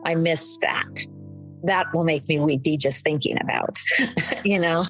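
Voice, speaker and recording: Older woman, interview guest, emotional, candid, lowish voice, faint music behind. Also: steady tone, unhurried, poor audio. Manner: candid, laughing through tears.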